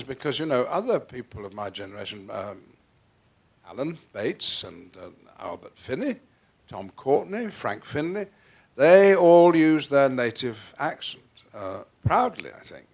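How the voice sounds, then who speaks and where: Older male actor, polished RP over northern roots, theatrical, given to sudden loud bursts. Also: on the high side, sing-song, unhurried. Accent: Received Pronunciation with faint northern English traces. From Northwest England. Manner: theatrical, playful, with frequent restarts and sudden swings in loudness. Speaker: guest actor. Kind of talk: onstage interview conversation. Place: theatre stage before an audience.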